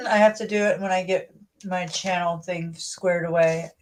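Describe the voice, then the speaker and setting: A woman's voice: on the low side, steady tone, a little slow, a little hiss or hum. Woman host, rambling, self-interrupting, sounds a bit far from the mic. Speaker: livestream host. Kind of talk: casual chat.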